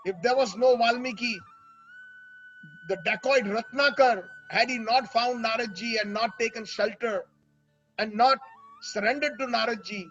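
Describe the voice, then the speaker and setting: A man's voice: extremely high pitch, normal speed, fairly bright tone, lo-fi sound, soft background music. A man telling a devotional story as a sermon, with an emotional delivery that turns tearful at times. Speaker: religious storyteller.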